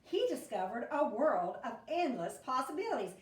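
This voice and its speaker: A woman first grade teacher reading a picture book aloud to children, with animated, expressive voices. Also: sits high, moderate pace, roomy sound, far from the mic, background noise.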